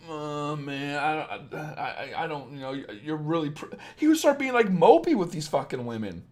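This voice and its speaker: A man in his thirties giving blunt, profane dating advice on a live stream, swinging from low asides into loud rants. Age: 30s. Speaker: dating coach.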